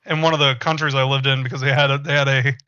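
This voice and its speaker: A man's voice: mid-range voice, little pitch movement, quick pace, sharp tone, clear, resonant tone, no room sound, dull audio. A young man co-hosting a casual podcast, rambling with lots of fillers and swearing. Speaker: podcast co-host.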